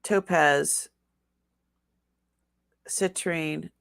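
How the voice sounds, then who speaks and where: A woman's voice: sits low, fairly even intonation, very slow, gravelly, a bit bright, no room sound, clean studio sound. An older woman hosting a live jewelry sale, chatting casually and laughing often. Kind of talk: casual live-stream selling.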